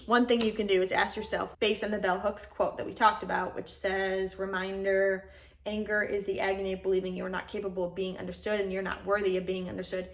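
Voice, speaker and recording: A woman's voice: mid-range voice, fairly bright tone. A young woman hosting a casual self-help talk to camera, reflective and conversational, with frequent fillers and restarts. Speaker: host.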